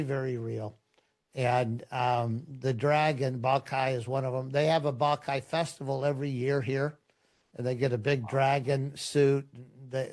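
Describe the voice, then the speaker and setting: A pastor speaking as a podcast guest, unhurried and conversational as he tells a story. His voice sits at an ordinary middle pitch for a man, neither deep nor high.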